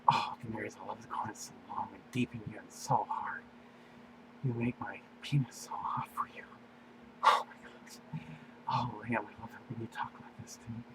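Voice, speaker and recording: A man voicing a devoted young male lover in a read-aloud fan story, speaking in a breathy, half-whispered voice. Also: lowish voice, little pitch movement, moderate pace, background noise, natural voice. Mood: adoring.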